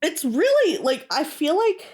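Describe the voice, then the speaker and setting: A woman's voice: sits high, very animated, unhurried, darkish tone. A woman co-hosting a podcast who sounds congested, chatting in a laid-back way and laughing easily. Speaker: podcast co-host. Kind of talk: casual chat.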